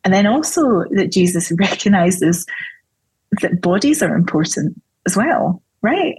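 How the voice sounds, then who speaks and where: A woman's voice: mid-range voice, expressive, unhurried, a little mellow, slightly rough, dry recording, low-quality recording. A woman, a theologian guest on a podcast interview, explaining her ideas thoughtfully in a conversational way. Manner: thoughtful, explanatory, with light laughs.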